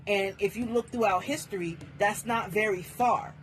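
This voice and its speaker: A woman's voice: medium pitch, moderate pace, soft background music. A woman co-hosting a podcast, talking in a passionate, rambling way with many repeated words. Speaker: podcast co-host. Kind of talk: casual chat.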